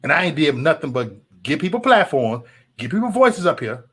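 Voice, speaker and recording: Streamer, male, heated and profane, repeats himself, animated pitch; chatting to his audience. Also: fairly quick, slightly rough. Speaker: livestream host. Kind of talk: casual livestream rant to chat.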